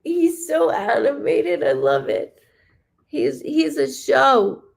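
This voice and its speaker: A psychic medium hosts a live reading from a warm room with the window open, chatting to viewers in a rambling, animated way full of fillers and asides. Her gravelly voice is slightly higher than most women's and she speaks slowly.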